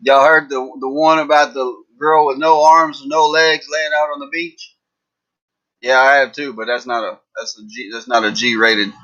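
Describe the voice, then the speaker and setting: A man's voice: medium pitch, level tone, moderate pace, pushed and bright, dull audio. A man hosting a livestream, telling jokes in a rambling, folksy way. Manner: rambling, folksy, lots of fillers. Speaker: livestream host. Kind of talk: casual live-chat joke telling.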